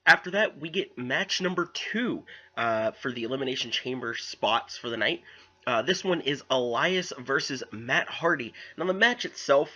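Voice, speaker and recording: A young man casually recapping a wrestling show, rambling and animated with lots of fillers. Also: mid-range voice, moderate pace, dull audio.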